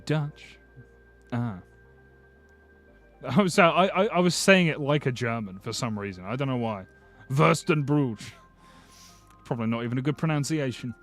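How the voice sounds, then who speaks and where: An expressive, slightly bright mid-range voice belongs to a UK man casually chatting on stream as he reads viewer comments aloud. He moves at a moderate pace with frequent pauses, swears liberally, restarts sentences, and has faint music underneath.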